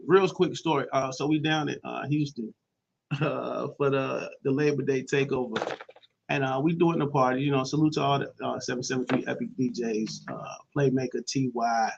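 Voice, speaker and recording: A man from Chicago hosting a morning radio show, talking in loose, slangy banter full of shout-outs. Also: medium pitch, fairly even intonation, normal speed, gravelly, dull audio, slight background noise. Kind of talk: casual morning radio talk.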